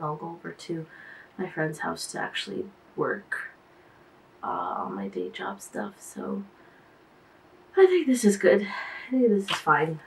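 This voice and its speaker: Weary woman, artist manager, unhurried diary-vlog chat, sighs and trailing thoughts, mic at a slight distance. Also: on the low side, darkish tone, a little hiss or hum. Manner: sighing, trailing off, musing aloud. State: tired.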